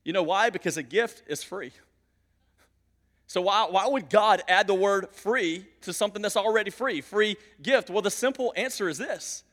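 Man, pastor, sermon, high-pitched, emphatic, hushed-to-loud swings, long church reverb. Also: normal speed. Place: church sanctuary. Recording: long reverb of a large hall.

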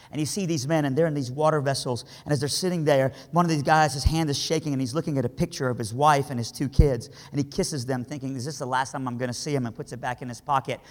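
A man from Iran delivers a storytelling sermon with a fairly high voice. His delivery is dramatic, dropping to a hush and then rising to impassioned cries. A long hall reverb trails his words. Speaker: speaker.

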